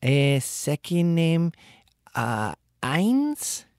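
A woman's voice: sits low, very animated, a little mellow, no echo, clean studio sound, pitched above the performer's own voice, full character voice. A man putting on a female bill collector with a Puerto Rican accent, who keeps apologizing and hesitating. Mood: apologetic. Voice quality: halting, full of hesitations and apologies.

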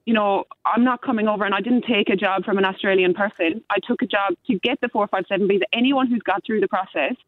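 A woman's voice: medium pitch, fast talker, hardly any pauses, dry recording. An Irish woman calling in to a talkback radio show, speaking earnestly and pushing back with passion. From Ireland. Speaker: caller. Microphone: telephone. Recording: tinny phone line.

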